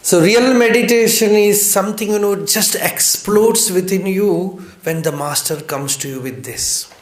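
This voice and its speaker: A man from India giving a spiritual discourse, gentle and chuckling often, repeating words for emphasis. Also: sits high, a little slow, roomy sound, slight background noise. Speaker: spiritual teacher.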